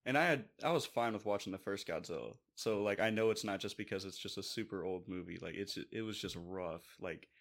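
Laid-back man with a lowish voice. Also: brisk, creaky, few pauses, a bit bright. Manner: laid-back, slangy, says bro. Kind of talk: casual chat.

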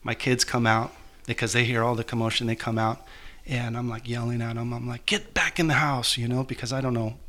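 Bright-voiced man telling a personal story. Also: mid-range voice, monotone. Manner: halting, emotional, many restarts. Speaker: guest author.

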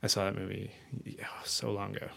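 A podcast co-host making quick joking asides in casual chat. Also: sits low, completely flat delivery, gravelly, fairly bright tone.

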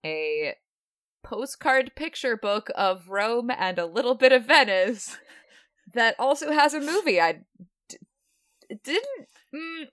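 A woman hosting a podcast in casual chat, laughing easily and unhurried. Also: on the high side, very animated, a bit bright, no room sound, studio quality. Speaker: podcast host.

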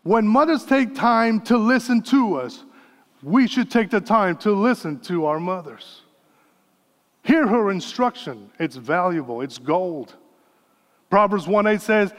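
A man's voice: high voice, animated, unhurried, long reverb tail. A man in his fifties preaching a sermon as pastor, earnest with folksy asides. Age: 50s.

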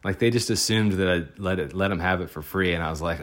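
A man, a photographer, telling a personal story in a casual, rambling, excitable way. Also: low voice, fairly quick, hardly any pauses.

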